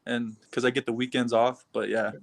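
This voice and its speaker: A young man with an average, middle-pitched voice, answering questions over a video call. He talks in an easygoing, laid-back way and breaks into soft laughs now and then. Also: flat delivery, brisk, vocal fry. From Canada. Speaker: fighter being interviewed. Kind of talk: casual interview answers.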